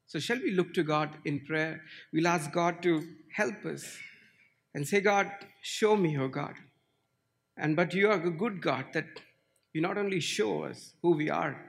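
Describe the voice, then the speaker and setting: A man preaching a sermon, telling a story slowly and earnestly, then leading into prayer. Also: on the high side, in a large hall. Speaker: pastor.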